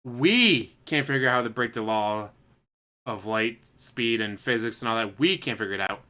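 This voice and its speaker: A man chatting casually on a stream in a played clip, musing and speculating out loud with chuckling asides. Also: medium pitch, expressive, moderate pace. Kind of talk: casual rambling chat.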